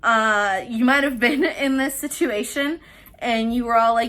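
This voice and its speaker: A woman's voice: fairly high pitch, unhurried, fairly bright tone. A woman hosting a casual pick-a-card tarot reading, chatty and profane, often laughing mid-sentence. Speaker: tarot reader and host.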